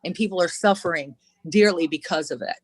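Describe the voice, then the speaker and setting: A woman's voice: lowish voice, a little fast, slightly rough, no echo. A woman community organizer giving earnest, impassioned testimony on a panel, with frequent fillers.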